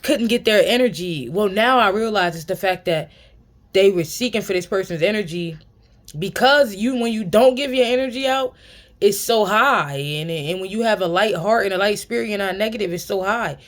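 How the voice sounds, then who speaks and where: A woman's voice: medium pitch, normal speed. A woman, giving blunt, profane spiritual advice in a casual monologue, repeating lines for emphasis and laughing often. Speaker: spiritual tarot reader.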